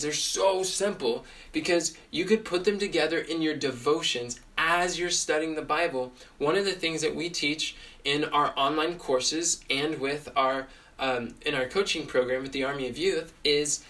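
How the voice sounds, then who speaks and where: Earnest man, slightly high voice. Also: pushed and bright, distant mic. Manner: earnest, quick, with many fillers and restarts. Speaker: podcast host and Bible teacher. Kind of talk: casual teaching podcast.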